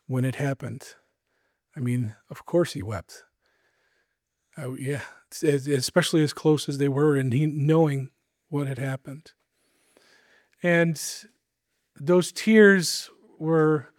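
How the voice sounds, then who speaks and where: Earnest preacher man, fairly high voice. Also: no echo, clean studio sound. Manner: earnest, emphatic, with asides. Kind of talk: sermon.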